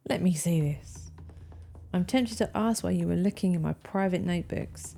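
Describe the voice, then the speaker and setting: A woman's voice: fairly low pitch, moderate pace, vocal fry, mellow, slight background noise. Woman reading a prickly older contestant. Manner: curt, indignant.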